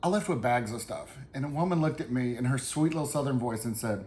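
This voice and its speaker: A man's voice: medium pitch, fast talker, few pauses, darkish tone. Chatty man in a roomy echo. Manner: chatty and easygoing, with loose fillers. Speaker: product reviewer and channel host. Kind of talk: casual unboxing chat. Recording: roomy echo, faint background noise.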